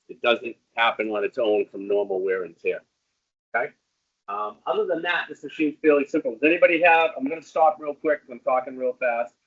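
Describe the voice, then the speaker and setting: A man's voice: mid-range voice, fairly bright tone, lo-fi sound. A man giving hands-on equipment training in a casual, rambling way, with frequent ums.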